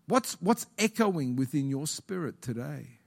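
A man's voice: fairly high pitch, big pitch swings, unhurried, vocal fry. A male pastor preaching a sermon in an auditorium, repeating key phrases and putting questions to the congregation.

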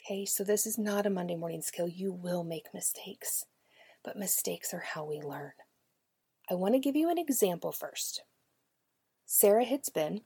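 Middle-aged woman host, earnest coaching delivery, dark mellow tone, dry close mic. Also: on the low side, creaky, breathy edge, no echo. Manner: earnest, coaching, often drops to a near whisper. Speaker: podcast host. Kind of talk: scripted podcast talk on parenting.

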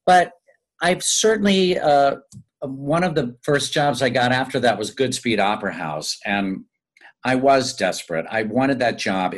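Male actor guest, mid-pitched, lively anecdotal talker, laughs easily. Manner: animated, laughing, chatty anecdotes. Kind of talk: casual interview storytelling.

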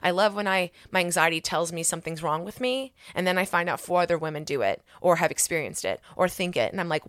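A woman's voice: fairly low pitch, expressive, fast, few pauses, a bit bright, no echo, studio quality. A woman hosting her own podcast in casual solo chat, rambling and candid with many asides, earnest and encouraging. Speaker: podcast host.

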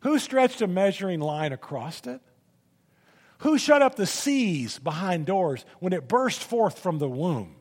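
A man preaching a sermon as a pastor, speaking dramatically and rising to loud bursts when he reads scripture. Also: high voice, big pitch swings, a little slow, breathy edge, long reverb tail.

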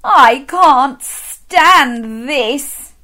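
A woman voicing a tired, grumpy father bear in a children's storybook, groaning out slow, drawn-out complaints. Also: high-pitched, lively intonation, pushed and bright, voice pushed up, exaggerated voice. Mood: exasperated.

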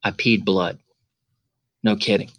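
A middle-aged man, a podcast guest, telling a story in a casual, animated way and acting out the dialogue. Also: lowish voice, takes it slowly, no room sound. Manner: animated, acts out quoted dialogue.

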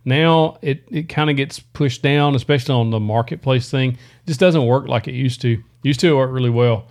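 A man's voice: mid-range voice, moderate pace, darkish tone. A middle-aged man co-hosting a live stream, easygoing and chuckling as he reads viewer comments and gives practical advice. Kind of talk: casual chat, answering viewer questions.

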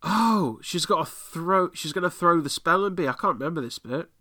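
A British man with an excitable, sweary manner, giving casual commentary while watching an episode. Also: fairly high pitch, moderate pace. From Britain. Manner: excitable, swears freely, reacts aloud. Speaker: podcast host.

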